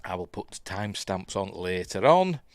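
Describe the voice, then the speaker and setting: Yorkshire bloke doing a chatty live news stream, lowish voice, keeps going off on little tangents. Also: male voice, very animated, normal speed, dry recording, studio quality. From Yorkshire, England. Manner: rambling, chatty, breaks off to mutter about the stream.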